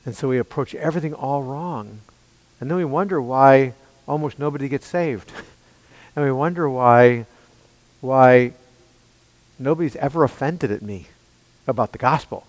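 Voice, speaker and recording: A man preaching a sermon in an emphatic way, asking his listeners rhetorical questions and swinging between loud and hushed passages. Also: mid-range voice, moderate pace, long pauses, no echo, low-quality recording.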